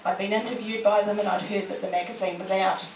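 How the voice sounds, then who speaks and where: A woman's voice: mid-range voice, steady tone, fast talker, a little hiss or hum. Woman telling funny stories in an echoey library hall. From New Zealand. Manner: humorous, self-deprecating anecdotes with acted quotes. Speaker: motivational speaker. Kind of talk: storytelling talk to an audience. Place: public library talk room. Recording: echoey room, mic from a distance.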